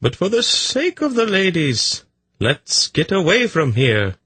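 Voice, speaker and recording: A man's voice: fairly high pitch, wildly swooping pitch, measured pace, bright, forceful tone, husky, no room sound, voice pushed up, full character voice. A man voicing a nervous, wary traveller in an audiobook, anxious and pleading to get away. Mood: uneasy, fearful. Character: nervous wary man, frightened and urging flight.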